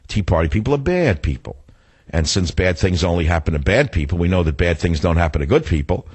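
A man's voice: sits low, a little fast, slightly rough, no echo. An older man hosting a talk radio show, delivering a rambling, sarcastic monologue with frequent restarts and self-corrections.

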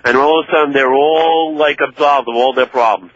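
A man's voice: on the high side, a little fast, fairly bright tone, no echo. A man calling in to a talk radio show, chatting and agreeing with the host. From New York. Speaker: caller. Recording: dry lo-fi call audio.

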